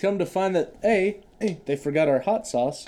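Chatting casually as a podcast co-host, this young man laughs frequently, curses a lot and trips on repeated k- sounds. His voice sits high and is mellow, with lively intonation at a moderate pace.

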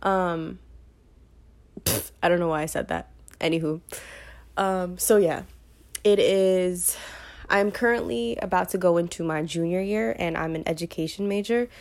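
A young woman of nineteen from Brooklyn, speaking in a fairly low voice. She rambles through a casual solo podcast with plenty of ums and self-corrections, sounding unplanned and off the cuff. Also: fairly even intonation, a little slow, pauses often, a little mellow. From Brooklyn, New York. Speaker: podcast host.

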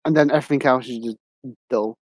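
Male podcast co-host, mid pitch, hesitant, blunt, dry recording. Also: fast, no room sound, rough recording. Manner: hesitant, fillers and restarts, blunt opinions. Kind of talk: casual film review chat. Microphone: podcast mic.

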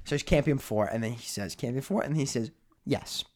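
A man's voice: medium pitch, fairly quick. A young man from Rhode Island, a podcast co-host, telling a story casually with many "like" fillers and acting out what others said. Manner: animated, acts out other people's lines, many "like" fillers.

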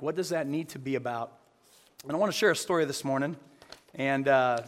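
Preacher guy telling a story to the church, asks the crowd stuff, big echoey hall. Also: mid-range voice. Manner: storytelling, asks the congregation questions. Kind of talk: sermon with storytelling.

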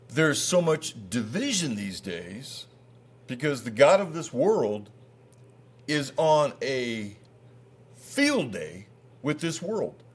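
A man preaching a sermon as pastor, folksy and conversational, swinging between loud emphasis and quiet asides. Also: mid-range voice, slightly rough.

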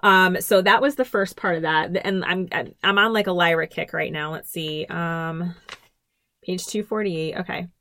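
A woman's voice: on the low side, steady tone, moderate pace, pushed and bright, dry recording. A woman co-hosting a podcast, chatting casually and enthusiastically about a book and reading passages aloud. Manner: enthusiastic, lots of fillers like "um" and "like". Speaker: podcast co-host.

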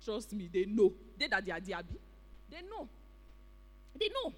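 A preacher with a Nigerian accent delivering an animated, exclamatory sermon in a church hall. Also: mid-range voice, moderate pace. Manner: animated, exclamatory, with pidgin interjections. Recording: reverberant hall.

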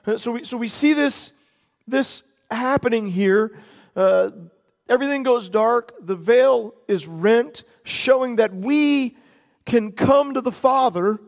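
A man preaching a sermon as pastor, earnest, stretching key words slowly for emphasis. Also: very high voice, vocal fry. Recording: long hall reverb.

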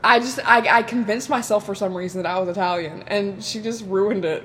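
Animated young woman, dramatic storyteller. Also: mid-range voice, fairly quick. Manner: animated, dramatic storytelling, bursts of laughter, swears casually. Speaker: podcast co-host. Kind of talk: casual chat.

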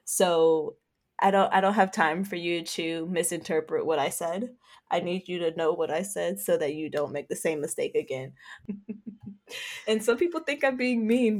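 A woman co-hosting a casual podcast chat, blunt and joking, and she often breaks into laughter. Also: fairly low pitch. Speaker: podcast co-host.

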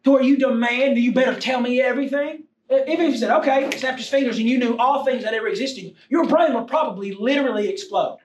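A man preaching a sermon to a congregation, swinging between loud exhortation and low, confiding tones. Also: quick pace, few pauses, slight background noise. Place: church room with a congregation. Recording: echoey room, heard from a distance.

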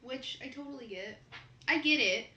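A woman's voice: sits high, expressive, normal speed, bright, forceful tone, dull audio. A young Midwestern American woman co-hosting a podcast, chatting casually and laughing often. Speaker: podcast co-host. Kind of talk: casual chat. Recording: echoey room with faint noise.

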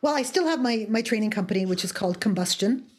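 A woman's voice: fairly high pitch, lively intonation, fast, slightly rough. A woman talking as a guest in an interview, passionate and emphatic, often repeating words as she speaks. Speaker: author and guest. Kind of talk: podcast interview.

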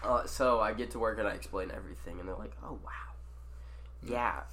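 A man telling a story in casual chat with friends, animated, swearing and acting out quotes. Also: fairly low pitch, a little fast.

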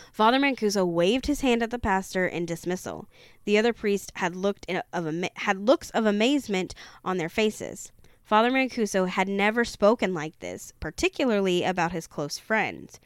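A woman reading a haunted-house book aloud in a steady storytelling manner, now and then tripping over a word and correcting herself. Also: medium pitch, moderate pace, clear, resonant tone, dry recording, clean studio sound. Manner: steady storytelling with occasional stumbles and self-corrections. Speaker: reader of a true-haunting book.

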